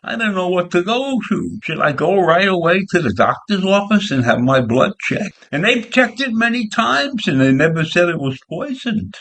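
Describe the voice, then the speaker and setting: Older man ranting, gravelly and lively. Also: sits high, moderate pace, hardly any pauses. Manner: indignant, rhetorical questions. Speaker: commentator. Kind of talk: political rant monologue.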